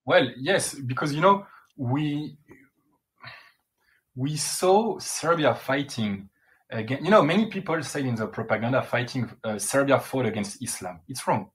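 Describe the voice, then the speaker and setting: A man's voice: mid-range voice, lively intonation, a little slow. A man from Brittany speaking English, answering interview questions in an earnest, insistent way. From Brittany, France. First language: French. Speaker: guest.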